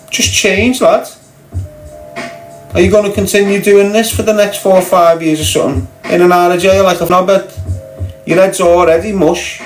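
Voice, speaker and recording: A Scouse man rants at someone he scorns, mocking and confrontational, swearing freely. His voice sits slightly high for a man, with faint music behind him. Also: rough recording. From Liverpool, England. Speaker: podcast guest. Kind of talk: ranting monologue.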